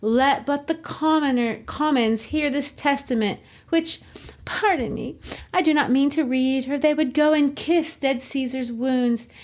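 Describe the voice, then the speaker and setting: A woman voicing a scheming male Roman orator as a drawling, distressed Southern belle, in a slow, raised voice. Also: sits high, pitched above the performer's own voice. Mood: coyly grieving. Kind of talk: dramatic reading of play lines.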